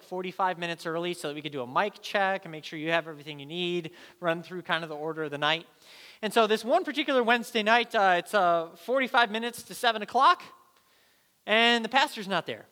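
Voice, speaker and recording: Brief: male pastor in his thirties, sermon storyteller, bright tone, long hall reverb. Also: sits high. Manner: animated storyteller, acts out voices.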